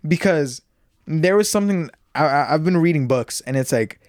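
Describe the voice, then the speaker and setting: Loud young man hosting a podcast. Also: fairly high pitch, animated, smooth, dry recording, studio quality. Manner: loud, laughs often, halting restarts. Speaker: podcast host. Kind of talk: casual podcast chat. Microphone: podcast mic.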